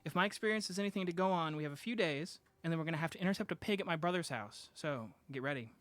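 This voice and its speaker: A man's voice: on the high side, expressive, rapid-fire, close to an everyday voice. A man voicing a blunt, weary male friend in a scripted audio drama, speaking in a dry, matter-of-fact way.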